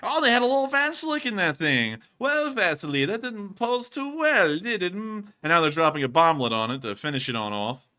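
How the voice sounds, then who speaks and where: A man's voice: high-pitched, big pitch swings, fairly quick, hardly any pauses, bright, forceful tone, smooth. A man giving casual, joking commentary on video clips as a show host, breaking into laughs and mock voices. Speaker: war news commentator.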